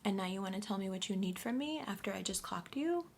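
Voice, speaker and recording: A woman giving a casual astrology reading to camera, blunt and profane, often talking in a soft half-whisper. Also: mid-range voice, lively intonation, quick pace, slight background noise. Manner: blunt and profane, addressing the viewer directly. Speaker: astrology reader.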